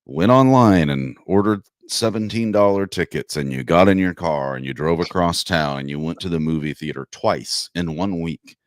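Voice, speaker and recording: A man's voice: low-pitched, normal speed, hardly any pauses, no echo. A man co-hosting a podcast in casual chat, with dry, self-mocking humor. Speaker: podcast co-host.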